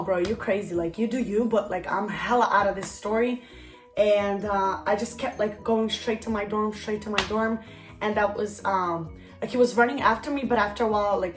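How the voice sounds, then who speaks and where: A young woman vlogger telling a casual story time, rambling and full of "like" fillers. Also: on the high side. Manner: rambling, heavy use of "like" fillers. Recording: roomy echo, faint background music.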